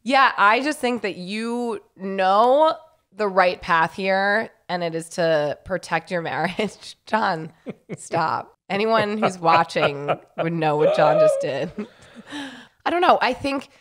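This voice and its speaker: A woman co-hosting a podcast in a casual advice chat, with a voice of middling pitch for a woman. She talks in a loose, chatty way, laughs often and reads listener questions aloud. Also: expressive, takes it slowly, a bit bright. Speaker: podcast co-host.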